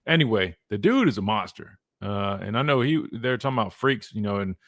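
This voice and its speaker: A man's voice: lowish voice, animated, brisk, a bit bright, no room sound. Chill guy hosting sports radio, rambly, says man a lot, dead dry studio mic. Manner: laid-back, rambling, lots of "man". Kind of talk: casual sports talk.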